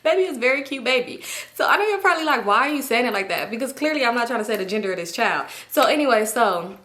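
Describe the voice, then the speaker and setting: A woman casually telling a storytime to viewers, chatty and animated, speaking straight to them and acting out what her friends said. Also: fairly high pitch, fast talker. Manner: acts out friends' lines in shifting voices. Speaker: storytime YouTuber.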